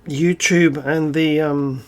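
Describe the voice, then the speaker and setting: A man's voice: on the high side, steady tone, slow pace. A man hosting his own channel, delivering a sarcastic, irreverent rant with swearing, bursts of emphasis and laughter. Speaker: channel host. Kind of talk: ranting solo vlog monologue.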